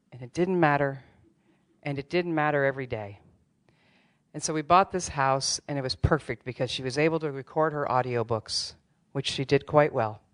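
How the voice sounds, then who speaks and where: Clear-voiced woman telling a wry story. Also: very deep voice. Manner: candid, wry, self-deprecating humor. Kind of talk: live storytelling on stage. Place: theater stage before a live audience.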